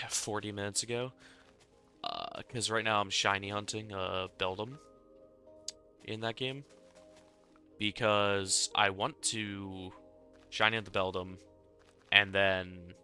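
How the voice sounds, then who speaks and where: A man's voice: on the low side, pushed and bright. A young man chatting casually while he builds in a game, rambling and self-deprecating, often chuckling at himself. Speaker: Minecraft building creator. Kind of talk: casual gameplay commentary.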